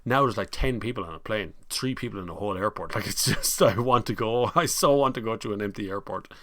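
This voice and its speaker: Gravelly Irish man chatting casually. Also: fairly low pitch, fairly bright tone, no room sound. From Ireland. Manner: chatty and rambling, laughs easily. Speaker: motoring live-stream host. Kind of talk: casual live-stream chat reading viewer comments.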